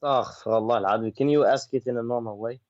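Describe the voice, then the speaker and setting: A man's voice: medium pitch, fast talker, a little mellow, muffled recording. A man calling in to a debate, earnest and defensive as he pushes back. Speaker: caller.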